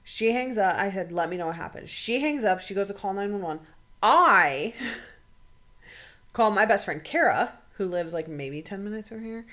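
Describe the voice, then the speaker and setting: A young adult woman co-hosting a podcast, telling an emotional story casually, swearing freely and quoting people in quick bursts. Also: medium pitch, lively intonation, a bit bright. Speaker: podcast co-host.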